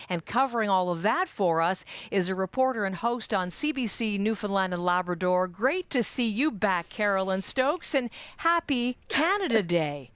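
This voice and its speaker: A woman's voice: medium pitch, dry recording. Upbeat woman anchoring live news. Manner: chatty, upbeat. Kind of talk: live broadcast hosting.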